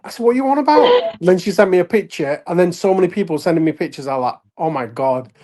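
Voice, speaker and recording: A man from Leeds with a Yorkshire accent, a wrestler and actor telling animated anecdotes with laughs in a casual interview. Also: on the high side, fast talker. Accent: Yorkshire English. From Leeds, England. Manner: animated anecdotes with frequent laughs and acted-out quotes. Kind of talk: casual storytelling chat.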